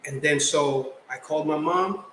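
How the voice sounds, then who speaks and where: A young man from the Philippines, a guest artist telling stories in casual chat, animated and slangy. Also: on the high side, normal speed. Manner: animated, slangy, acts out quotes. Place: podcast studio. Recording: roomy echo, faint background noise.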